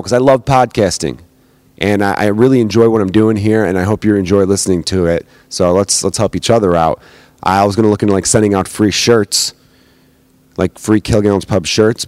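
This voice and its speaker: A comedian hosting his podcast alone, with a slightly low man's voice. He rambles in loose, profane, joking banter as if chatting at a bar. The sound is dry and close on a home podcast mic. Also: fast, a little mellow, no room sound. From United States. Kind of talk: casual solo podcast chat. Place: home recording in Chicago. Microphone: podcast microphone.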